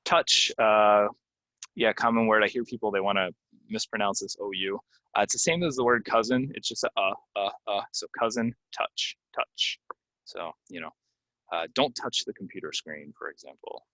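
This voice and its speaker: Low bright-voiced teacher. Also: male voice, no room sound. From United States. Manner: slow, stressed model pronunciations with many ums. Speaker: English pronunciation teacher. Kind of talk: casual spoken lesson to learners.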